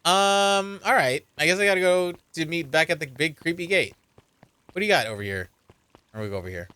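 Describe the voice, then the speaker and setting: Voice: mid-range voice, lively intonation, fairly quick, sharp tone, clean tone, no room sound. A streamer giving casual, amused let's-play commentary and reading game dialogue aloud.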